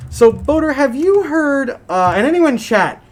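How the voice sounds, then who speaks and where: A man co-hosting a casual gaming podcast, talking in an animated, jokey way and swearing now and then. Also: very high-pitched, a little hiss or hum. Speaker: podcast co-host.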